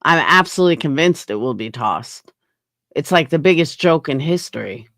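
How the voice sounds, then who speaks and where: A woman's voice: sits low, animated, moderate pace, a bit bright, no echo, clean studio sound. Blunt, profane woman livestreamer. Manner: blunt, profane, answers chat. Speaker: livestream host. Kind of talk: casual livestream rant.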